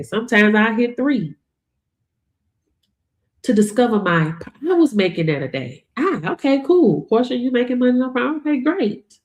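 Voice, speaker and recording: A woman's voice: a little high, sing-song, normal speed. A woman coach giving a motivational talk, emphatic and colloquial with punchy catchphrases. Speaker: online income coach.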